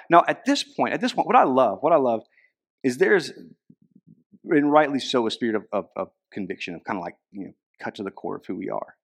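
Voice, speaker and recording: A young man preaching a sermon as a pastor, casual and conversational, with frequent fillers. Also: mid-range voice.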